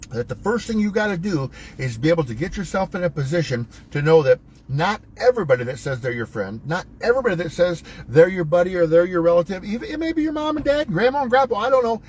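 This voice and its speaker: A fairly high-voiced man gives a motivational talk as host, preachy and emphatic. His voice swings up and down as he coaches, folksy and a little self-mocking. A faint hiss of noise sits under his voice. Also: poor audio.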